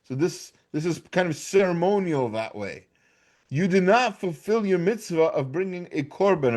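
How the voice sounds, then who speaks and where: A man's voice: fairly high pitch, a little mellow. An American man giving an informal Torah class, talking conversationally with frequent restarts and "right?" checks. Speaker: class teacher.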